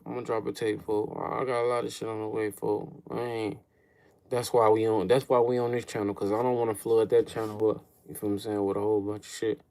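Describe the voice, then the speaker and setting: A man's voice: lowish voice, level tone, quick pace, a little mellow. A young man hosting a casual livestream, rambling in slangy, profane talk, calling everyone folks and answering chat questions. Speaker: livestream host.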